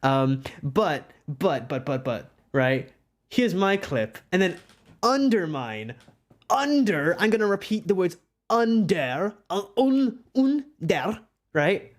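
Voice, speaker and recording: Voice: medium pitch, big pitch swings, slow pace. A young adult from Wales with a Welsh accent, chatting casually with viewers on a live art stream, giggling often and rambling.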